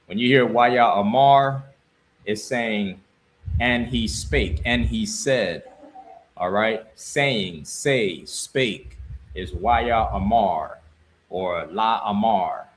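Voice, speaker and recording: A man teaching scripture, reading verses slowly and pausing to explain and repeat words. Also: on the low side, slight background noise, rough recording. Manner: slow, deliberate reading with pauses and repeated words. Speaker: religious teacher.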